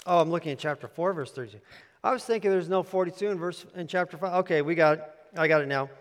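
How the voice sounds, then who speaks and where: A male pastor delivers a teaching sermon, guiding listeners through their handouts. He speaks emphatically and repeats key phrases, his fairly high voice carrying a long reverb from the church hall. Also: quick pace. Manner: emphatic, repetitive, directs listeners to underline.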